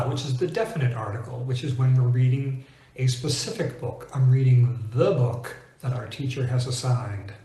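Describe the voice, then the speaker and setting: A man teaching English pronunciation in a clear, deliberate way, slowing down to stress example words. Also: medium pitch, darkish tone, reverberant. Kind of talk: scripted teaching monologue.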